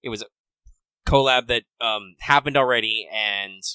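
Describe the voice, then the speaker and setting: A man co-hosting a podcast, talking in a relaxed, casual way with many fillers. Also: lowish voice, moderate pace, clean tone, dry recording, poor audio. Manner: relaxed, filler-heavy gamer talk. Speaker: podcast co-host. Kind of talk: casual chat.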